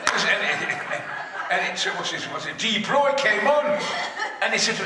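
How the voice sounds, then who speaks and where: An older man telling bawdy anecdotes on stage at a fan convention panel, booming, sweary and theatrical. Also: big pitch swings, unhurried, bright, forceful tone. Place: large convention hall. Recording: echoey hall recorded from far off.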